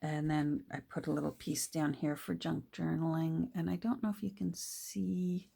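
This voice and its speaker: A middle-aged woman chatting casually while she crafts, full of fillers and restarts, sometimes dropping to a soft whisper. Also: low voice, level tone, normal speed, gravelly, husky. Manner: drops to soft whispers when delighted. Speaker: crafting vlogger.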